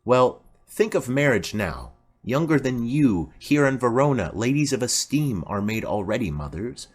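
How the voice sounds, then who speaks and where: A man's voice: medium pitch, big pitch swings. A man voicing a formal, commanding noblewoman mother in an audiobook play reading. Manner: formal, measured.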